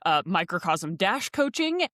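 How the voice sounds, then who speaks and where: A woman's voice: on the low side, very animated, a little slow, a bit bright, no echo. A woman co-hosting a casual podcast, joking dryly and wryly between reading show notes. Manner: dry, wry humor. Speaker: podcast co-host, coach.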